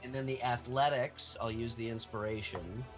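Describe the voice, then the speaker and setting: A man's voice: mid-range voice, steady tone, moderate pace, faint music behind, poor audio. A man playing a tabletop role-playing game, eagerly describing his character's moves in detail. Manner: eager, descriptive, occasional laughs. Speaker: player.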